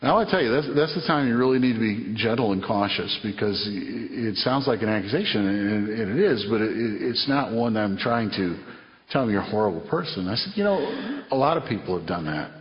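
A man's voice: on the low side, lively intonation, fairly quick. Earnest preacher man in echoing hall. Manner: earnest, repeats phrases, acts out dialogue. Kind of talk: sermon. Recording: muffled sound in a long-echo hall.

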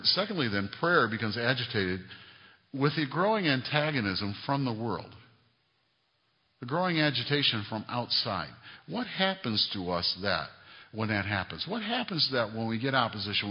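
A middle-aged male pastor preaching a sermon, building to emphatic raised peaks and dropping into quiet conversational asides. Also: mid-range voice. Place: church sanctuary. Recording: reverberant hall, lo-fi sound.

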